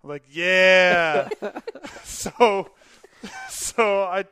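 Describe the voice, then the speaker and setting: A man in his thirties tells stories in a relaxed way, acting out the other people's lines and laughing often. His voice sits a little high and sounds smooth and resonant. The recording is close and dry. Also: brisk, dry recording. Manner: laughs often while telling stories, acts out dialogue. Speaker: podcast guest, Air Force veteran. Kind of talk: casual storytelling.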